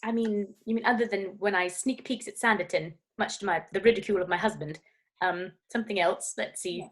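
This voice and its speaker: A woman's voice: medium pitch, brisk. An American woman co-hosting a casual video-call chat, playful and often laughing. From United States. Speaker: co-host.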